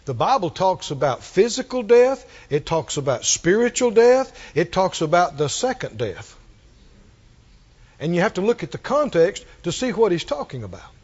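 A man preaching a sermon, drawing out his words and building to emphatic shouted refrains. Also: high-pitched, very animated, moderate pace, breathy edge, lo-fi sound.

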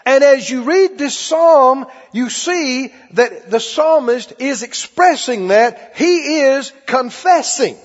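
A male preacher delivering a call-and-response sermon, with folksy phrasing and shouts on key lines. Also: very high voice, lively intonation, slow, few pauses. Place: church sanctuary. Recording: lo-fi hall recording. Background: congregation responding.

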